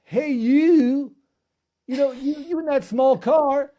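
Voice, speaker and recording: A man puts on a mock Texan driver, a gruff fellow who sneers at small cars. The drawl is put on and teasing, and the voice jumps well above a normal speaking pitch. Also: steady tone, slow, mellow.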